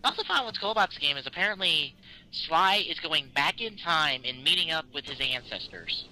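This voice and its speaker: A man's voice: a little high, a little fast, rough recording. A man co-hosting a gaming show, chatting casually and jokingly over a demo and mimicking voices. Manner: animated, jokey, mimics voices. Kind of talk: casual gameplay chat.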